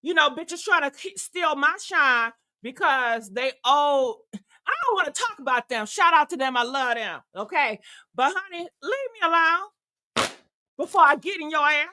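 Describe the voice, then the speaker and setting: A brash, profane woman in her sixties hosting a casual commentary show. Her voice sits high and sounds bright and forceful. She talks with plenty of sass. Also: animated, normal speed. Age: 60s. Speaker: commentary host.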